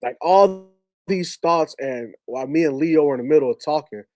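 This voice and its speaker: A man's voice: fairly high pitch, moderate pace, mellow, no echo. Earnest man telling a personal story. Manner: earnest, conversational, emotional storytelling. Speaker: podcast guest. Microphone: podcast studio mic.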